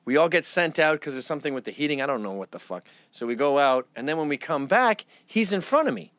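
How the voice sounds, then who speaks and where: A man's voice: fairly high pitch, fast talker, no echo. A man from England, a studio guest telling stories in casual, profane interview chat. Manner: profane, animated storytelling. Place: media studio.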